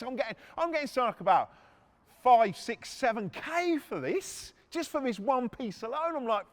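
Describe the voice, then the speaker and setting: A middle-aged man, hosting a podcast and telling a story in a casual, profane, animated way, acting out shouting people and machine noises. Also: very high voice, a little fast. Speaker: podcast host.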